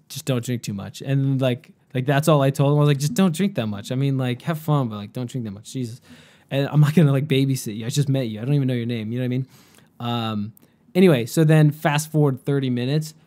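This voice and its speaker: A man's voice: medium pitch, dark tone. Profane rambling young man. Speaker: podcast host. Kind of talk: casual storytelling chat.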